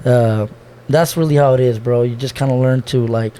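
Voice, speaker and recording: A man's voice: mid-range voice, fairly even intonation, normal speed, dark tone. A young man, a podcast guest, talking loosely and emotionally about his family, saying "bro" a lot, swearing and restarting his sentences. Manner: loose slangy talk, says bro constantly, swears, restarts. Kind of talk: casual heartfelt conversation.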